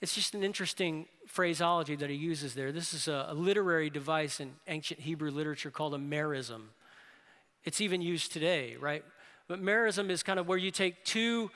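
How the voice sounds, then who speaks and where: A man preaching a sermon as pastor, earnest, often closing a point with a quick "right?". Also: sits high, bright, forceful tone, big-room sound.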